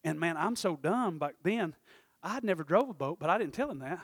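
A middle-aged male pastor, preaching a sermon with lively storytelling that swings from loud to hushed. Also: a little high, brisk, husky, dry recording.

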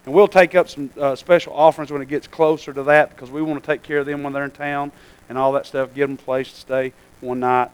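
Male pastor, middle-aged, high voice, rambling folksy sermon delivery. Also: little pitch movement, quick pace, clear, resonant tone, rough recording. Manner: folksy, rambling, calls out to the congregation. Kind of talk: sermon and church announcements.

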